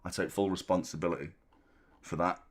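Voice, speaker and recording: Hosting a live football fan stream, a man chats casually in a low voice that is brisk with fairly even intonation. He's self-mocking and reads out messages from viewers during the watchalong.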